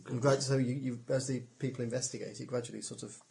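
Man, game master, rapid talker, gravelly fry, rambling recap, casual. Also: medium pitch, steady tone, darkish tone. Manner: rambling, self-interrupting recap. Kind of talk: narrating a tabletop game, casual banter.

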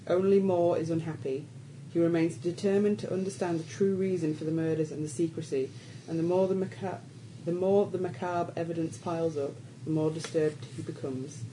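A woman stands in as game master and reads the scenario aloud. Her voice sits a little low, and her reading is casual and teasing. Faint room hiss runs under her. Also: dark tone, rough recording.

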